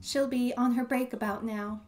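A woman voicing an emotional, tearful woman in a game, raising her voice a little higher than her own. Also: level tone, a little fast, close to an everyday voice. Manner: tearful, gushing. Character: tearful emotional woman meeting a long-lost face.

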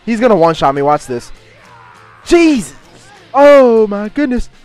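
A young man giving excitable gameplay commentary and trash-talking his opponent. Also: high-pitched, a little slow, no echo, soft background music. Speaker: gaming YouTuber.

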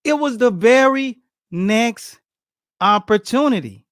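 A middle-aged man tells boxing stories with lots of energy, acting out what people said. His voice sits high for a man. The sound is dry and close, with no room around it. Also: takes it slowly, dry recording. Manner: animated, acts out quotes, laughs often. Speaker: boxing coach, guest. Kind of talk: storytelling in casual interview.

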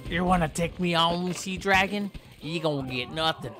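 A man giving loud, goofy commentary while he plays a video game, taunting and yelling at in-game animals. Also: fairly high pitch, normal speed. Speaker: gameplay commentator.

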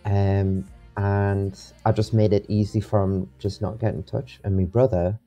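A man's voice: on the low side, flat delivery, measured pace, warm tone, faint music behind. Noord-Engelse jonge man, donkere stem, lichte muziek. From England. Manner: rambling, many restarts and fillers. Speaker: interview guest. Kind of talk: casual interview.

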